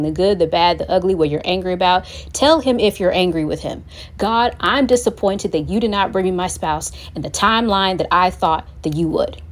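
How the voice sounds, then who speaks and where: A young adult woman hosting a faith-based talk for singles, earnest and encouraging, speaking conversationally and acting out prayers aloud. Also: mid-range voice. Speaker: host.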